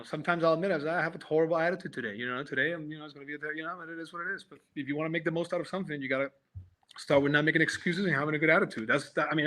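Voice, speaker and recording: This podcast guest, a former offensive tackle, speaks on the high side with a fairly bright tone. Joining over a video call for a casual chat, he reflects on life in a philosophical way, frequently restarting his sentences.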